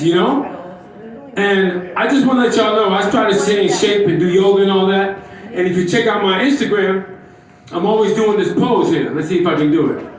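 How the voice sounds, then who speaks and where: A man's voice: sits high, heavy reverb, recorded from a distance, rough recording. A man in his fifties doing a brash, profane stand-up comedy set on a club stage, teasing the crowd. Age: 50s.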